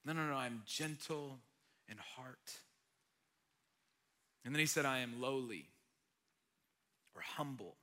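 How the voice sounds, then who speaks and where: A male pastor preaching a sermon in an earnest way, swinging between loud emphatic lines and hushed, nearly whispered ones. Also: mid-range voice, unhurried, long pauses.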